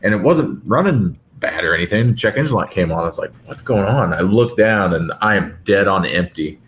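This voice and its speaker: A man with a low voice talks as a podcast guest. He tells his story in a relaxed, plain-spoken way, with a faint hiss behind him. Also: fairly quick. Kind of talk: casual conversation.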